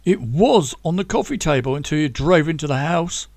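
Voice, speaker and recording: A man's voice: on the high side, animated, moderate pace, gravelly, darkish tone, dry recording. A man voicing a scared, blustering thug with a London accent. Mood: panicked.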